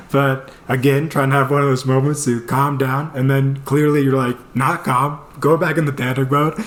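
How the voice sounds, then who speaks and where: A young man telling a casual story about himself, animated, laughing often and acting out his own panicked lines. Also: mid-range voice, normal speed. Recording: echoey room.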